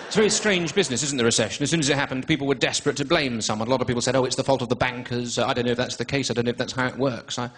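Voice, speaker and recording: A man's voice: mid-range voice, a bit bright. A man with a posh English accent performing a dry, self-mocking stand-up comedy set on stage. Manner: dry, self-mocking, drawn-out delivery with pauses for laughs. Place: comedy stage before a live audience.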